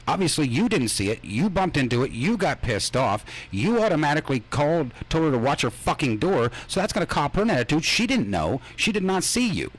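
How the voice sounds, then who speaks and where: A man with a husky voice argues fast and insistently in a casual chat. He repeats himself to press his point, and his pitch moves a lot as he talks. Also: poor audio.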